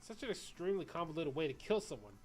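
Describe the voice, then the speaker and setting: A male streamer reading game dialogue aloud in a brisk, pressing way. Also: fairly high pitch, big pitch swings, soft background music.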